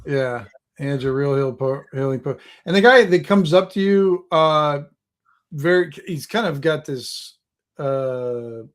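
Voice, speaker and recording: A man narrating as game master in a tabletop game, in a relaxed, rambling way with fillers. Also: fairly high pitch, unhurried.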